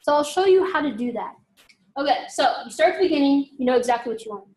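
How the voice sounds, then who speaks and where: A woman's voice: high-pitched, fast talker. A woman giving a talk to a group, acting out dialogue and asking the audience questions. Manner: animated, acts out dialogue, asks audience questions.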